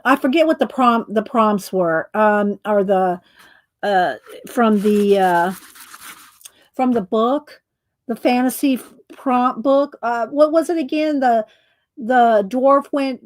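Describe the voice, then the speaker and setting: A woman hosting a casual crafting livestream, chatting with viewers by name as she works. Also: a little high. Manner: chatty, many fillers and restarts, talks to viewers by name.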